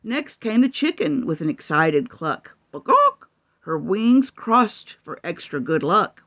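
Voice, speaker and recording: A woman reads a children's story aloud in a slow, lilting, animated voice that swoops up and down. She is expressive and delighted, and the recording sounds a little dull and lo-fi. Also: low voice. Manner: expressive, gasping and whooping with delight. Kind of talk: reading a children's picture book aloud.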